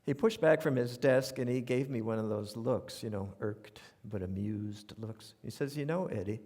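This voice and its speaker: A man's voice: medium pitch, moderate pace. An older man with a New York accent telling humorous stories on stage in a wry, conversational way. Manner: wry, conversational, animated asides. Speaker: radio commentator performing essays on stage. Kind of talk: humorous storytelling monologue. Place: theater stage, live audience. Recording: live theater with long reverb.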